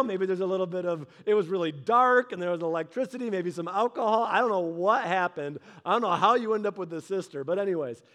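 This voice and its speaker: A man preaching a sermon, telling the story in a humorous, conversational way and acting out the characters in quick voices. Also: high-pitched, a bit bright. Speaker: pastor.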